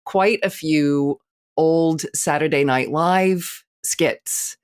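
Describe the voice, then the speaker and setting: A woman's voice: sits low, fairly even intonation, drawn-out words, smooth. A woman, the show's therapist, recalling things thoughtfully in casual podcast chat. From United States. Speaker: in-house therapist guest.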